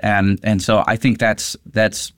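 A man's voice: lowish voice, takes it slowly, clean tone, no echo, clean studio sound. A man, a pastor, discussing a Bible passage in casual conversation and animatedly acting out quoted lines. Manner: animated, acts out quotes with lifted voice.

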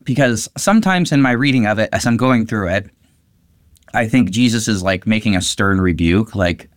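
A man's voice: on the low side, normal speed, no echo, studio quality. A man, a pastor, discussing a Bible passage in casual conversation and animatedly acting out quoted lines. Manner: animated, acts out quotes with lifted voice.

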